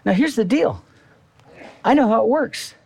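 A man's voice: very high voice, animated, normal speed, gravelly, a little mellow, breathy edge. A male pastor preaching a sermon in a church, talking to the congregation in a conversational way and repeating key phrases.

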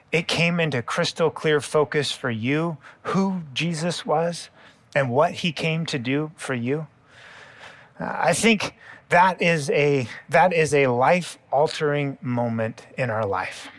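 A man delivering a sermon in an earnest, explanatory way. His voice sits a little higher than most men's, and he retells scripture scenes in his own words. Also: fairly bright tone. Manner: earnest, explanatory preaching with paraphrased quotes. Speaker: pastor.

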